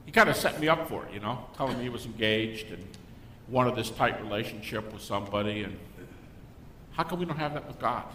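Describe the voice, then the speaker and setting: An older man, a guest speaker, giving a Christian apologetics talk to a live audience and acting out the people in his stories. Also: a little fast. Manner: animated storyteller who acts out quoted people. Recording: echoey hall with faint rumble.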